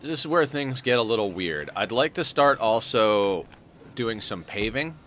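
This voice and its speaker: A man's voice: on the low side, animated, unhurried, a bit bright, a little hiss or hum. A man casually commenting on his game as he plays, stuffed up with a morning voice and rambling with fillers as he thinks aloud. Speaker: streamer playing a colony sim.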